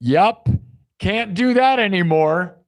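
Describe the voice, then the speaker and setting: A man's voice: high-pitched, expressive, slow. A young man hosting a live music stream, chatting and joking casually with his viewers. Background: live guitar music.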